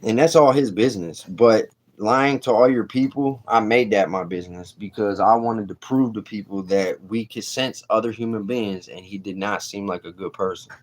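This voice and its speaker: A man's voice: lowish voice, normal speed, hardly any pauses. A man hosting a casual livestream, talking bluntly in street slang and answering chat. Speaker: livestream host.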